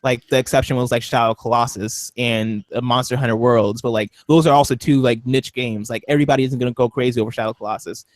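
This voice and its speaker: A man co-hosting a podcast in a casual group chat, rambling excitably with lots of fillers. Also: medium pitch, quick pace, few pauses, dry recording. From Seattle. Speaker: podcast co-host.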